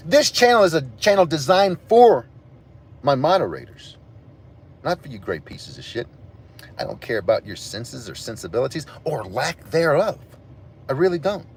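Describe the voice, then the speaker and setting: A livestream host with a husky, mid-range voice rants angrily and profanely at his chat.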